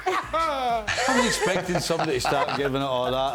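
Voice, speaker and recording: Animated man telling football stories. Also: fairly high pitch, a little fast, a loud crowd. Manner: animated storyteller who laughs and acts out quotes. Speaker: football pundit, former player. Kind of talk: casual panel chat, anecdotes.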